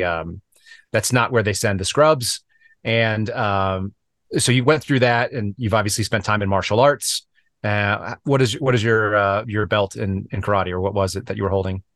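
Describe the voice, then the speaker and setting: A man hosting a podcast interview, chatting freely and telling long, lively stories. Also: lowish voice, no echo, clean studio sound. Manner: lively rambling storyteller. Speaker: podcast host. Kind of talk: conversational interview.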